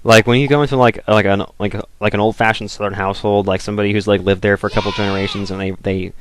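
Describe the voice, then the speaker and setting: A man's voice: lowish voice, fairly even intonation, fast, slight background noise. A young man in college giving casual, rambling commentary over a game, packing his talk with fillers. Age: young adult. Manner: rambling, filler-heavy, lots of "like". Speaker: let's play commentator.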